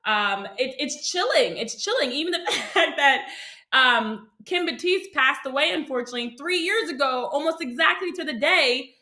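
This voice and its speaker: A woman co-hosting a casual sports show, upbeat and quick to laugh. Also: high voice, animated, pushed and bright, echoey room, rough recording.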